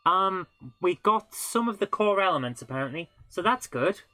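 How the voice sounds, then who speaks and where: This live gaming host speaks at a moderate pace in a low, expressive voice with a bright, forceful tone, recorded dry. She chats casually through her gameplay, pokes fun at herself, and laughs a lot at her mistakes.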